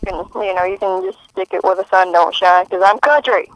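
A woman co-hosting a podcast in a casual, goofy chat, talking quickly and putting on playful voices. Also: medium pitch, faint music behind, rough recording. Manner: goofy, rapid, playful impressions. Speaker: podcast co-host.

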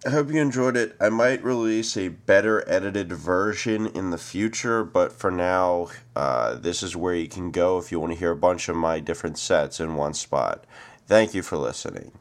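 A man casually wrapping up a recording of his own comedy sets, offhand and relaxed, with many fillers. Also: low voice, moderate pace. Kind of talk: casual spoken outro.

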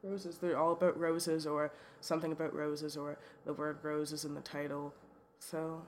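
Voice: mid-range voice, level tone, normal speed. Chatty radio cohost, rambly, laughs a lot, faint hiss. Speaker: radio show co-host. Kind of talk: casual radio chat.

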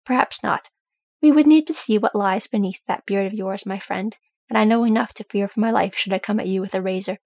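Courtly, gently teasing male elf for a storybook reading, husky tone, read by a woman. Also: medium pitch, no room sound. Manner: soft, measured and courtly.

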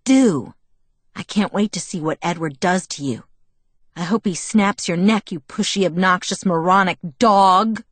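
A woman reading the lines of a furious teenage girl in an audiobook, with sharp, angry retorts. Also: lowish voice, unhurried, husky, dry recording. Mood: hissing furious. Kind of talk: audiobook dialogue.

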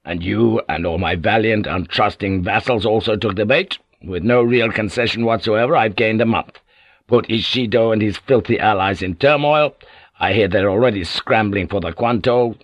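A man voicing an aging warlord in an audiobook, measured, authoritative and sly. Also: fairly low pitch, dry recording. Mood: scheming. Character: aging male warlord, cunning and commanding. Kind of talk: audiobook character voice.

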